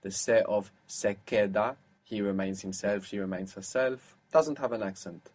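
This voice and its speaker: A man teaching a one-to-one language lesson, explaining patiently and slowing down to model words. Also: fairly low pitch, darkish tone.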